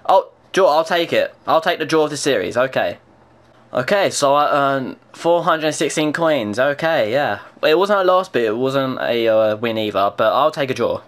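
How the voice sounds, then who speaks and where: A young man giving excitable, swearing live commentary on his own gameplay, talking to himself as he plays. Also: mid-range voice, moderate pace. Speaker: gaming video creator.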